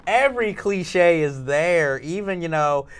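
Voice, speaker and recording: A man's voice: on the high side, expressive, unhurried, smooth. A man co-hosting a film review show, talking casually and mocking a cheesy film with an exasperated tone. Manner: exasperated, laughing, mocks cliches. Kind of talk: casual group chat. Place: public access TV studio.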